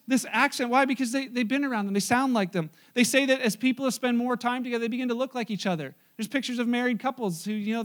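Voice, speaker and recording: A man's voice: very high voice, a bit bright. A man pastor delivering a conversational sermon, mixing stories and humor with plain teaching. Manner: conversational preaching with asides and humor.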